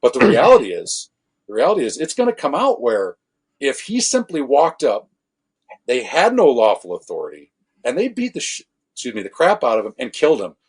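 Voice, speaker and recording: A former law enforcement officer talks casually on a podcast in a husky, slightly breathy voice. He sits at an average male pitch and tells his stories with energy, slipping into quoted voices and cleaning up his language as he goes. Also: brisk. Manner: animated anecdotes with acted quotes, self-correcting swears. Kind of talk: casual storytelling conversation.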